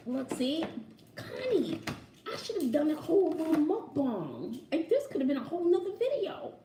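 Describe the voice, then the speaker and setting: A woman vlogging casually from home, excited and giggly, talking to her viewers as y'all. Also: high-pitched, moderate pace, far from the mic, slight background noise. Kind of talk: casual vlog chat. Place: home room. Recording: echoey room, off-mic.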